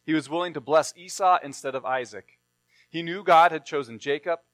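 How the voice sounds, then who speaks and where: A man reads a Bible passage and then teaches on it in a plain, explaining sermon style. His voice sits a little high for a man. The sound is dry and close, with no room around it. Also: fairly quick, fairly bright tone, no room sound. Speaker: preacher.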